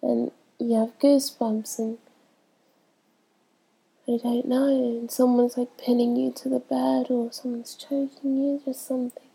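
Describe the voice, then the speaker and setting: Young woman, stuffy from a cold, casual hesitant chat, fairly high voice, gravelly. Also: little pitch movement, measured pace, dark tone, low-quality recording. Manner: hesitant, many ums, laughs between answers. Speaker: vlogger answering a questionnaire.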